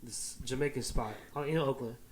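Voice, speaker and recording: A man's voice: medium pitch, moderate pace, roomy sound. A man from the San Francisco Bay Area hosting a podcast, talking in a loose, profane, joking way. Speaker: podcast host. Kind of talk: casual chat.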